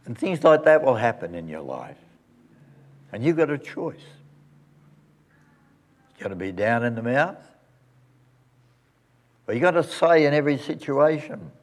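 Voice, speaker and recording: A male pastor telling a story at the close of a sermon and leading a quiet prayer. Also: medium pitch, sing-song, a little slow, pauses often. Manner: storytelling, then soft reverent prayer.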